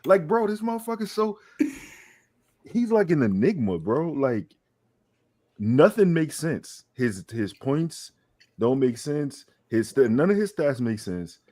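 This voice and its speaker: A man co-hosting a sports podcast who talks in an animated, casual way, restarting his sentences, repeating words, swearing freely and calling people "bro". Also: on the high side, measured pace. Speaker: podcast co-host.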